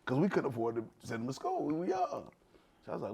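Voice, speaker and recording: Animated, laughing pastor in his forties. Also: fairly high pitch, fast talker, creaky, breathy edge. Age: 40s. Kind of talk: storytelling in a podcast conversation.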